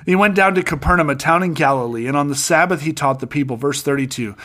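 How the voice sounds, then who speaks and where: A man teaching scripture in a relaxed, storytelling way, getting worked up with enthusiasm. His voice sits a bit higher than most men's, and he drops in quick jokes and asides. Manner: animated, enthusiastic, jokey asides. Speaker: bible teacher. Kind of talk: casual bible teaching, storytelling.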